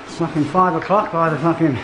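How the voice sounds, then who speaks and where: A man's voice: on the high side, fairly even intonation, fast, noisy background. Older man swearing through a loft tour. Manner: swears constantly, forgetful, gropes for words. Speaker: vlogger renovating his cottage. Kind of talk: rambling walk-through narration. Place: inside a derelict cottage loft.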